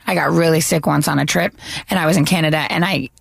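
A woman from the northeastern United States on a casual panel, animated and emphatic. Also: low-pitched, fast, gravelly, breathy edge, no room sound, studio quality. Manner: animated, emphatic, laughs often. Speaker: panel guest.

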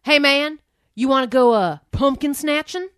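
A woman's voice: sits high, moderate pace, fairly bright tone, dry recording, clean studio sound, pitched above the performer's own voice. A woman putting on a drawling Southern college guy. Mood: eager, casual. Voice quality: thick drawl. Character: young male Southern college guy, easygoing.

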